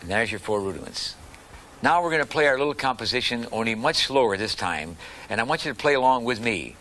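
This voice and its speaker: A man teaching a beginner drum lesson, calmly calling out stick strokes and explaining rudiments. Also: medium pitch, fast, slight background noise. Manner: calm, patient, counting and calling out strokes. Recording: drumming heard behind the voice. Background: snare drum rudiments played along.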